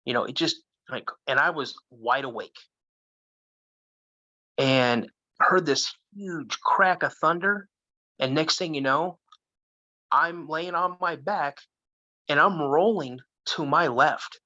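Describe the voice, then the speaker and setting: A man from Minnesota tells a story in a casual, animated way. His voice is bright and fairly high, and the sound is dry and a little dull. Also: takes it slowly, long pauses, no room sound. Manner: animated, acts out the voices of others. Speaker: guest.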